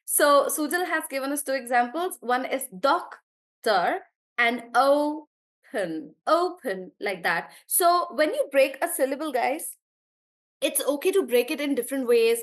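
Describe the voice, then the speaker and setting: An English teacher leads a live online class in a fairly high voice with lively intonation and normal speed. Chatty and encouraging, she praises students by name, and easy laughter often breaks up her explanations.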